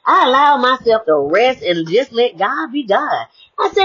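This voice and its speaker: Husky woman giving a spiritual pep talk. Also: on the high side, normal speed. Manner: lively, swings between hushed and exclaiming, laughs often. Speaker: inspirational speaker. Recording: muffled lo-fi audio.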